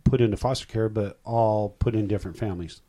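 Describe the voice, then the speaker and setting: Older male guest in his sixties, low voice, rambling and heartfelt personal storyteller. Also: fast, mellow. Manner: rambling, heartfelt, self-interrupting.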